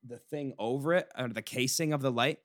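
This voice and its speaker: Young male podcast host, mid-range voice, dry close sound, animated storyteller who swears freely. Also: medium pitch, brisk, dry recording. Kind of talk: casual chat.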